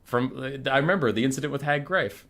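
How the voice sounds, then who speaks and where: A man streaming and casually retelling a story to his chat, animated, exasperated and swearing freely. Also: medium pitch, fairly quick, creaky.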